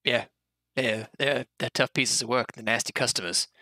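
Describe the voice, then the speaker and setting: A man's voice: mid-range voice, steady tone, normal speed, sharp tone, dry recording. A man voicing a foul-mouthed goblin guide at a fort, blunt and offhand. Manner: blunt, casual, dismissive.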